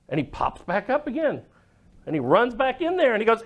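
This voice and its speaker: A man preaching a sermon, telling the story dramatically and dropping to a hush at moments. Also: a little high, big pitch swings, brisk, highs cut off. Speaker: pastor.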